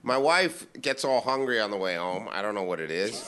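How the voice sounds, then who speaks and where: A man co-hosting a casual comedy podcast, rambling through deadpan stories full of acted quotes. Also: lowish voice, fairly quick. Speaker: podcast co-host.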